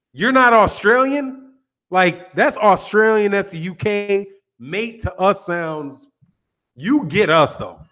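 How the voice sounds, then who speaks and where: A man's voice: high voice, fairly bright tone. A man, hosting a boxing channel and chatting casually with viewers on a live stream, joking and answering their comments. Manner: laid-back, joking, reads out chat comments.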